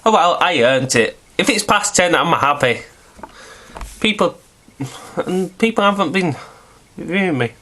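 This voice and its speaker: Man, nasal, congested from hay fever, slow, bright tone, casual rambling review. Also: a little high, lively intonation. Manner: chatty, meandering, swears casually. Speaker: video reviewer.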